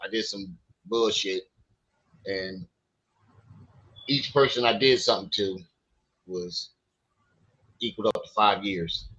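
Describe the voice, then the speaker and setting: A man's voice: lowish voice, slow pace, pauses often, a bit bright, rough recording. A man hosting a livestream, telling profane stories in casual chat and acting out what other people said. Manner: profane, storytelling, acts out quotes. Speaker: livestream host.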